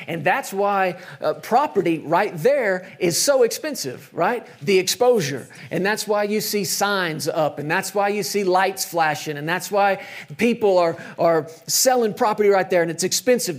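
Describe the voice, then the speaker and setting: A middle-aged man preaching a sermon in a conversational way, sometimes dropping to soft, emphatic tones. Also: sits high. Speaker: pastor.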